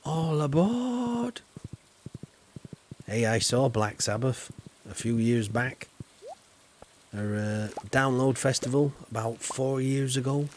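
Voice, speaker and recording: A man's voice: medium pitch, flat delivery, unhurried, slight background noise. A man rambling casually with lots of fillers while he streams a game. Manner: rambling, chatty, with many fillers. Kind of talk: casual live-stream chatter.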